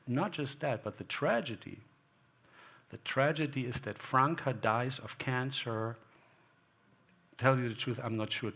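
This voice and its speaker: A man's voice: medium pitch, fairly bright tone. A man, a guest photographer on stage, talking in a rambling, anecdotal way and acting out remembered exchanges. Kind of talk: onstage talk. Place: gallery hall before an audience.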